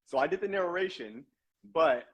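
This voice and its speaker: A man's voice: fairly high pitch, expressive, moderate pace, fairly bright tone, breathy edge, highs cut off. A man guest on a casual interview podcast, a voice actor telling chatty anecdotes with plenty of uh and man.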